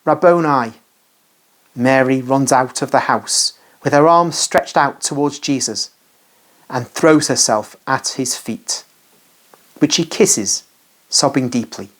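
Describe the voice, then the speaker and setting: Slow solemn devotional narrator. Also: mid-range voice, fairly bright tone.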